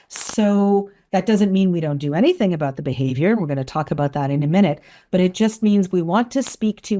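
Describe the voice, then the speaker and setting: Calm, warm-voiced woman counsellor. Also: lowish voice. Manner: calm, explanatory, frequent "right?" and "um". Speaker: clinical counsellor. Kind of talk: parenting advice talk.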